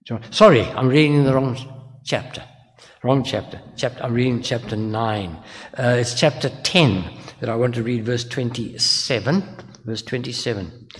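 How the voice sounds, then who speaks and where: A man's voice: medium pitch, moderate pace. An older man preaching a sermon as a minister, earnest and full of rhetorical questions to his congregation. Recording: long hall reverb.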